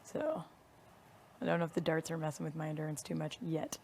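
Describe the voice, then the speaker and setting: Gravelly low-voiced woman chatting casually. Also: a little fast, darkish tone, a little hiss or hum. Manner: laughs often, chatty and loose. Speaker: houseguest. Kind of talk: casual chat. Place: reality show house.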